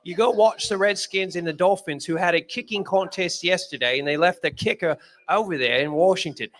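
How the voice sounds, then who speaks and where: A man's voice: sits high, a bit bright. A man doing a put-on English accent, playing a sneering sports snob who drags out his scorn. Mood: mock disdain. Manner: scornful, drawn-out mockery. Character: mock-posh English sports snob, male.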